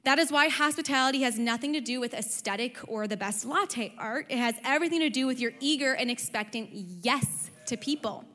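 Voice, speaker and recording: A young adult woman pastor preaching a sermon, conversational and animated, with frequent rhetorical questions. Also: on the high side, brisk, hardly any pauses. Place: church auditorium. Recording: long reverb of a large hall.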